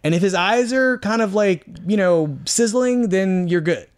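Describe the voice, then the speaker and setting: A man's voice: sits high, measured pace. A man, a film critic, talking casually on a podcast, often searching for words and restarting his sentences.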